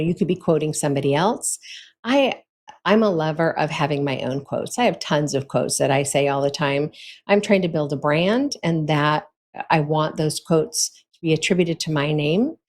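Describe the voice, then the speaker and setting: Low-voiced woman giving chatty advice. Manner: chatty and conversational, with frequent fillers and little laughs. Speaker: host giving advice to authors. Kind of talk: casual instructional talk.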